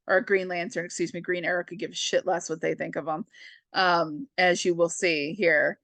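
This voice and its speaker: A woman's voice: fairly low pitch, fairly even intonation, moderate pace, a bit bright, dry recording. A woman hosting a casual comic book reading, chatty and rambling, full of fillers and asides and amused by her own jokes. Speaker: comic book reader and channel host.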